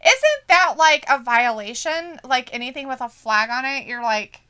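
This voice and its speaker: A woman with a high, clear, ringing voice chats casually on a live watch-along stream. She reads viewer comments aloud, laughs often and swears offhandedly. Her tone stays bright and smooth. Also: animated, normal speed. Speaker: stream co-host.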